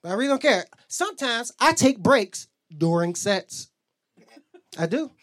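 A young stand-up comedian with a very high-pitched, fairly bright voice performs a profane routine, speaking a little slowly but very animatedly. He tells stories and acts out quotes as the audience laughs.

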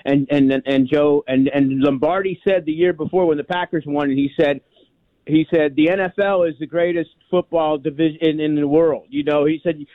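A man's voice: on the high side, fairly even intonation, moderate pace, no room sound. A man in his sixties from New York, calling in to a sports radio show and rambling emphatically, with many repeats. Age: 60s. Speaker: caller. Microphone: telephone. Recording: tinny phone line.

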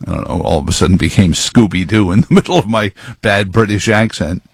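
A man's voice: lowish voice, fairly quick, gravelly, slightly rough, no room sound. A man giving rambling, sarcastic political commentary full of wordplay.

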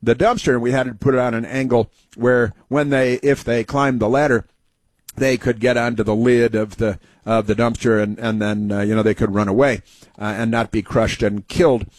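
A man's voice: medium pitch, steady tone, moderate pace, a little mellow, no echo. A man hosting a casual talk show, rambling through anecdotes and mocking political commentary. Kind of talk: casual talk radio monologue.

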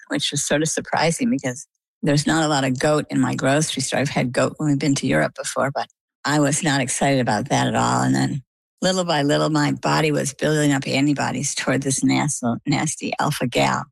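Low gravelly older woman telling a story. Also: a little fast, dry recording, low-quality recording. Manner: animated anecdotal telling with quoted dialogue. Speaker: interview guest. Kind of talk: conversational storytelling. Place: lives on the coast of Maine.

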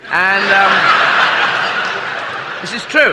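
A man's voice: high-pitched, big pitch swings, moderate pace, bright, forceful tone. A male stand-up comedian telling a rambling, self-mocking story in front of an audience. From Britain. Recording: echoey hall, audience noise.

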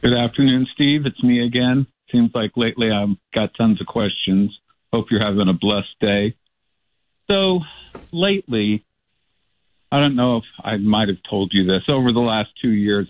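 A lowish-voiced man from California calls in to a radio show and speaks in an earnest, searching way. His voice comes through a thin, tinny phone line with no room sound. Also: no room sound. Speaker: caller.

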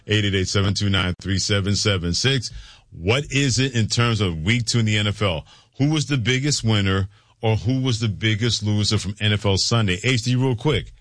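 A man's voice: on the low side, fairly bright tone, no echo, clean studio sound. A male radio host running a sports talk show, upbeat and reading promos and phone numbers.

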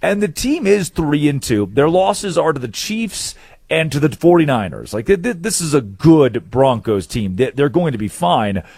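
A man's voice: on the high side, very animated, normal speed, a little mellow, slightly rough, no echo, studio quality. A man hosting a sports talk show, chatty and steering the segment, tossing questions to his co-host. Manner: chatty, leads the segment, quotes people in a mock voice.

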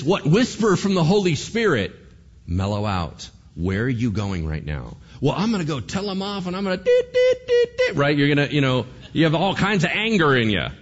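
A man's voice: on the low side, husky, highs cut off. A man preaching a sermon in a conversational way, acting out quoted lines and asking the audience questions. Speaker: pastor.

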